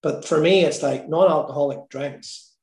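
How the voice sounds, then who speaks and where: A man's voice: on the high side, normal speed, a little mellow. Give me a man with an Irish accent, a guest in a casual interview who tells a candid story full of laughter and swearing. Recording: roomy echo.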